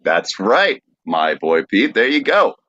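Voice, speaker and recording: A man hosting a podcast, presenting a quiz segment in a deliberate, explanatory way with frequent "uh"s. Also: on the low side, very animated, pushed and bright, lo-fi sound. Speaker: podcast host.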